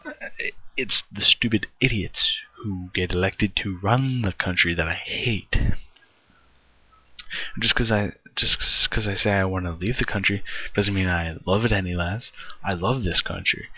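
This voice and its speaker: A man's voice: low voice, unhurried, pushed and bright, husky, no room sound, muffled recording. A young American man ranting in a frustrated vlog, swearing heavily and sighing often. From United States. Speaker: vlogger.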